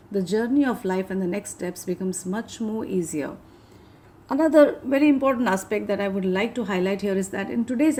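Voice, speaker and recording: Mellow woman giving an earnest lecture. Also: fairly high pitch. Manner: earnest, measured, emphatic. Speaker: HR head, guest speaker. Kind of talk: motivational lecture.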